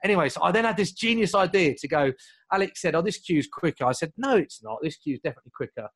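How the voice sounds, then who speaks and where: A young man telling a long story in casual chat, lively and full of asides and restarts. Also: on the high side, dry recording. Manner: animated, fast, piles up asides and restarts.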